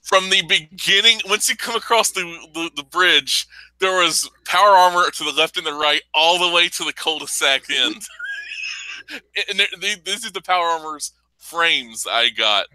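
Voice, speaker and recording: A man's voice: a little high, normal speed, pushed and bright, no room sound, poor audio. A man co-hosting a casual podcast, rambling about video games with frequent laughs and swearing. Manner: rambling, laughs often, profane. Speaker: podcast co-host. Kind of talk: casual gaming chat.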